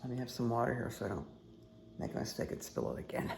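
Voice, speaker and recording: A woman hosting a meditation and tarot session, talking casually with a croaky, dry-throated voice and rambling, friendly asides to her viewers at home. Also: very deep voice, animated, quick pace, darkish tone, a little hiss or hum. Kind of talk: casual chatty talk to viewers.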